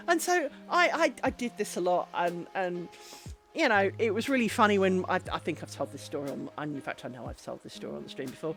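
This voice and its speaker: A woman's voice: on the low side, lively intonation, a little fast, fairly bright tone, soft background music. A woman livestreaming her crafting, chatting and telling rambling anecdotes full of ums. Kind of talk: casual chat while crafting. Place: home craft stream setup.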